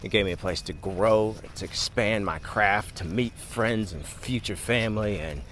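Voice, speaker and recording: A man with a lowish voice speaking from the heart in a testimonial, sincere and grateful. A faint background noise stays under him. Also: moderate pace, a bit bright. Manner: earnest, heartfelt. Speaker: actor.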